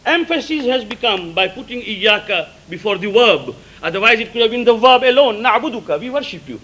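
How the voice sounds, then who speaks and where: A male preacher whose first language is Gujarati, giving a sermon in an emphatic way, repeating key words and explaining terms slowly. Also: high voice, sing-song, a bit bright, low-quality recording. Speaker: religious preacher.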